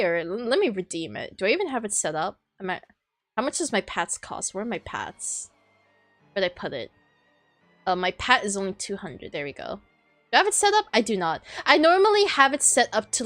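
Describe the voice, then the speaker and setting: A young woman vtuber chatting casually on a live stream, flustered and rambling, with lots of restarts and apologies. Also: medium pitch. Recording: faint music behind. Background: faint background music.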